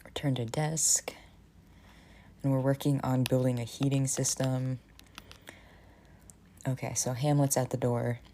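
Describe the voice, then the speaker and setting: A woman streaming a choose-your-own-adventure game, thinking aloud in a relaxed, casual way and reading choices out. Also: a bass voice, moderate pace, long pauses, slight background noise.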